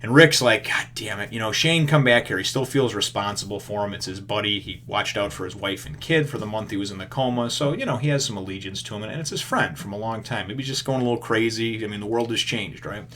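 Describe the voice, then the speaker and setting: A man's voice: on the low side, fast talker, few pauses, a bit bright, a little hiss or hum. A man casually recapping a comic book issue, rambling and acting out the characters' lines as he goes. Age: adult with children.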